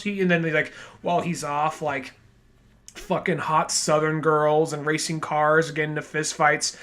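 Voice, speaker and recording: A man's voice: a little high, fairly even intonation, normal speed, bright, forceful tone. A man co-hosting a casual movie review podcast, rambling and slipping into goofy character voices. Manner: rambling, acts out film characters in silly voices. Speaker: podcast co-host.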